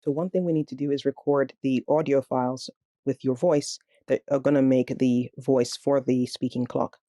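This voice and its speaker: A man teaching a coding tutorial, calmly explaining each step of a screen recording. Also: mid-range voice, normal speed, no room sound, clean studio sound. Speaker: programming tutor.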